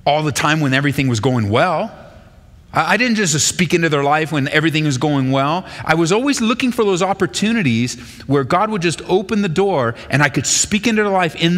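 A male pastor giving a sermon and reading scripture aloud, with an animated delivery that jumps higher in pitch when he quotes speakers. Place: church sanctuary. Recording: long hall reverb.

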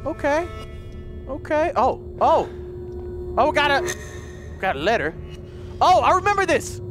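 High-pitched jumpy gamer man. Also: very animated, measured pace. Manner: jumpy, swears and shrieks when startled. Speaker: gaming video host. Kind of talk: let's play commentary. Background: horror game music.

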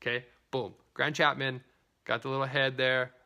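A man's voice: mid-range voice, level tone, moderate pace, pushed and bright. A man chatting through a live product demonstration, greeting viewers by name and switching into broken Spanish, filmed on a phone at home. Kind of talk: casual live product demo.

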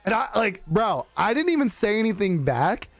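A man live streaming, telling a story in casual chat, animated and laughing often, acting out the voices he quotes. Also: high voice, normal speed, faint music behind.

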